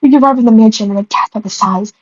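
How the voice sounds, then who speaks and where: A young creator quickly reads her old story out loud in a darkish voice on the high side, tripping over the words. She repeatedly stops to mock her writing and breaks into giggles. The clip has a dull, dry, lo-fi sound.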